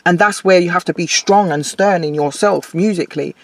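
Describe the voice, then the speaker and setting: A woman's voice: lowish voice, a little fast, no echo. A woman musician speaking in a casual interview, earnest and reflective, laughing easily. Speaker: guest musician.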